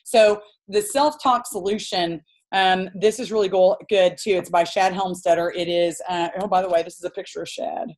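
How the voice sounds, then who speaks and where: Woman, group coach, animated and direct, laughs easily. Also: fairly low pitch, moderate pace. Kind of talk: live group coaching call.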